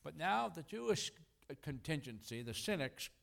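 A middle-aged man preaching a sermon in a conversational, animated way, acting out quotes and chuckling between points. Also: on the high side, normal speed, gravelly.

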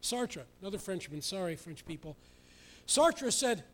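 A male pastor preaching an expository sermon, emphatic, with mocking asides and sudden loud outbursts. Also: sits high, big pitch swings, moderate pace.

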